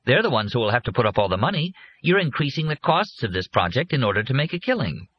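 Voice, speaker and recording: A man's voice: medium pitch, sing-song, fast talker, breathy edge, pitched above the performer's own voice. A man doing a doubtful young son. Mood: uneasy. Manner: hesitant and uneasy. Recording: muffled lo-fi recording.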